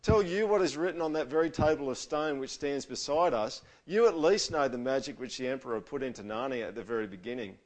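A man's voice: mid-range voice, brisk, few pauses, close to an everyday voice. A man voicing a cold, imperious witch queen in a read-aloud storybook, speaking shrilly and demanding.

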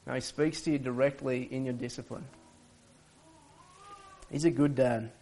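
A man's voice: medium pitch, steady tone, moderate pace, mellow. A male pastor, preaching in a conversational way and often restarting his sentences. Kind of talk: sermon.

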